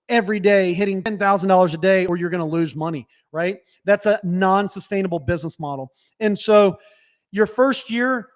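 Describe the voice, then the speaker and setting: A man with a notably high voice gives blunt, practical business coaching on a live stream. He speaks straight to his audience and keeps checking that they follow him. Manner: direct, instructive, frequent "right?" check-ins. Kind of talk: live webinar teaching.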